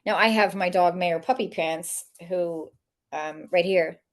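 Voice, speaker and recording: Laughing, animated woman telling stories. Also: on the low side, measured pace. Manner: animated, laughing often, acting out quoted voices. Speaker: author and animal communicator. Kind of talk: storytelling interview talk.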